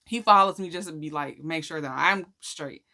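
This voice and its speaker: A woman tells her personal testimony in a chatty, slangy way. Her voice sits fairly low but sounds bright and forceful, and she slips into other people's voices as she quotes them. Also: moderate pace. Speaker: vlogger sharing a faith testimony. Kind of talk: casual storytelling.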